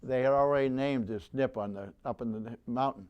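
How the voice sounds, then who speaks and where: A man's voice: medium pitch, fairly quick, muffled recording. A man in his nineties, a veteran, tells a rambling war story with many restarts and acts out the voices of the people he quotes. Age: 90s. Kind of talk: oral history storytelling.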